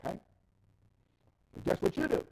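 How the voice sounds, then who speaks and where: A man, a rabbi, preaching on a live stream in a dramatic way, swinging between loud outbursts and quiet asides. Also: moderate pace, rough recording. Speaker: rabbi teaching scripture.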